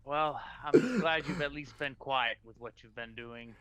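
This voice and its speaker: A man's voice: mid-range voice, measured pace, crowd noise. A man playing a tabletop game, talking in character with an exasperated, stern, swearing manner. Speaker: player. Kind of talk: in-character tabletop role-play. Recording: dull lo-fi mic sound.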